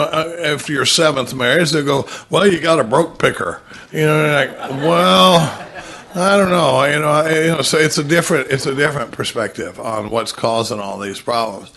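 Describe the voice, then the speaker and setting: A man's voice: mid-range voice, gravelly, a bit bright. A middle-aged man speaking at a recovery meeting, telling stories with quoted dialogue and laughing often.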